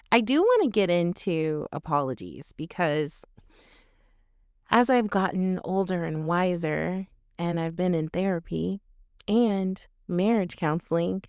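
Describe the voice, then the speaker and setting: A woman's voice: medium pitch, clear, resonant tone, no room sound, clean studio sound. A woman hosting a podcast, talking frankly and emphatically in a candid solo monologue, with some casual cussing. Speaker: podcast host.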